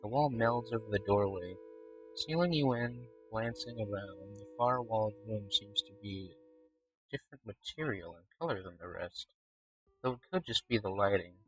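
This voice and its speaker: A man with a fairly low voice reads a game's story aloud on his stream. Between passages he thinks out loud, humming and swearing freely. Faint music plays in the background. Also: normal speed, dull audio. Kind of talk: reading a game aloud and reacting.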